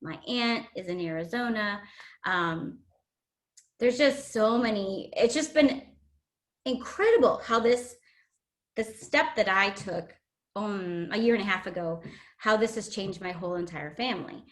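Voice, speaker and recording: A woman guest shares a personal testimony in an earnest, emotional way, often pausing with fillers. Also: medium pitch.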